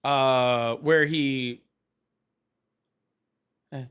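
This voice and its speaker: A man hosting a live call-in talk show, teasing callers with quick, casual jokes. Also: a little high, expressive, fairly bright tone. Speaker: host.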